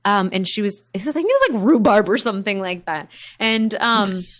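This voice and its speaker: A woman in her thirties co-hosting a podcast, telling stories in an animated, playful way. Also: medium pitch, fairly quick. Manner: animated storyteller, playful asides. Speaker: podcast co-host. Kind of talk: casual chat.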